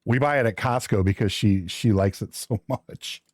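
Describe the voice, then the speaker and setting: A man's voice: lowish voice, normal speed, a little mellow, no room sound. Chatty man streaming live, dry sound. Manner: chatty, teasing, thinks aloud while building. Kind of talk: casual live-stream chat.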